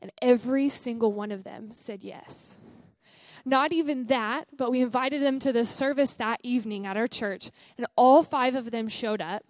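A woman's voice: a little high, normal speed, no echo. A young woman, a missionary sharing her testimony at a church service in an earnest, chatty way full of fillers.

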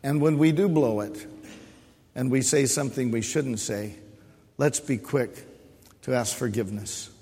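A husky-voiced middle-aged man preaches a sermon from the pulpit of a church. He leans on repetition and call-and-response, drawing amens from the congregation. His voice rings out into a long hall reverb. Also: medium pitch, measured pace, long pauses, mellow. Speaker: pastor. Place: church sanctuary.

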